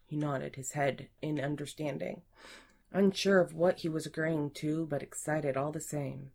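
Low, slow woman narrating intimately. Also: steady tone, vocal fry, darkish tone. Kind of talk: erotic audiobook reading.

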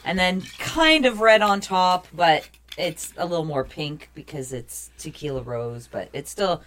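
A woman from Canada guests on a casual podcast, laughing often and filling her stories with ums and uhs. Her voice sits low for a woman. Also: lively intonation, a little slow, fairly bright tone. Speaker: guest co-host. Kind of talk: casual chat.

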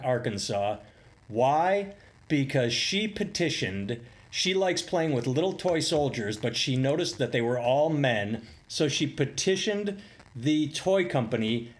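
A man co-hosting a podcast, telling news stories in a loose, joking way and laughing often. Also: mid-range voice. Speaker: podcast co-host. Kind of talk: casual podcast chat.

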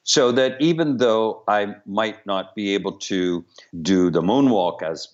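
A man's voice: lowish voice, unhurried. A man, a director and choreographer, talking candidly and with humor in a remote interview over a video call. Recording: dull lo-fi call audio.

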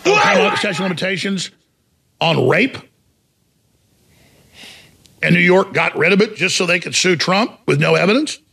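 Raspy, gravelly man ranting on talk radio. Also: high-pitched, very animated, moderate pace, long pauses. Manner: combative, mocking, shouts for emphasis. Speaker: talk show host. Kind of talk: heated talk radio rant.

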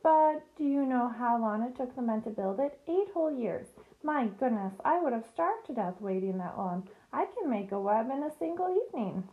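A wise, calm female spider explains things patiently, in a gently raised voice, as a woman reads her aloud. It is a storybook reading, and her tone is fond and sure of itself. She speaks a little above the reader's plain pitch. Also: normal speed, narrow, tinny audio.

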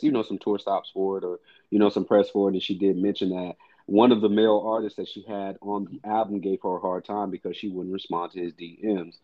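A man's voice: low-pitched, no echo, highs cut off. A man co-hosting a casual music podcast, blunt, profane and emphatic. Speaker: podcast co-host.

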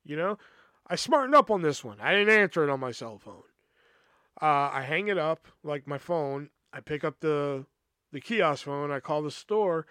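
A man's voice: on the high side, lively intonation, moderate pace, pushed and bright, clean tone, dry recording, studio quality. A man hosting a podcast, casually telling a personal story in a rambling, profane way, full of "you know" and stammered restarts. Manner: retells past conversations with restarts and stammers.

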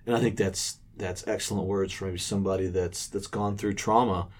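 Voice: sits low, fairly even intonation, normal speed. Affirming talk-show host. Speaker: podcast host. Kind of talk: hosting a faith talk show.

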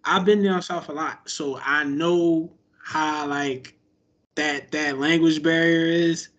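A man co-hosting a podcast in casual chat, animated and profane, often restarting his sentences. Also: a little high, slow, highs cut off. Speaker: podcast co-host.

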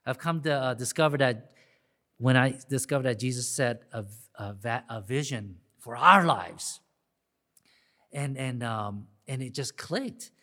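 A man's voice: medium pitch, animated, measured pace, sharp tone. A man preaching a sermon, conversational and then building to emphatic peaks, with frequent restarts. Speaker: pastor.

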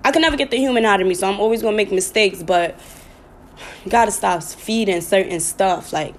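A woman's voice: medium pitch, brisk. A woman hosting her own podcast, talking casually and bluntly to her listeners, with plenty of swearing. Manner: blunt, profane, chatty, with sudden laughing outbursts. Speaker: podcast host. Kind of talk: casual live talk to listeners.

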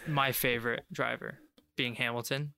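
A man's voice: medium pitch, flat delivery, moderate pace, vocal fry, crowd noise. A man co-hosting a podcast, talking in a laid-back, agreeable way in casual chat. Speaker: podcast co-host.

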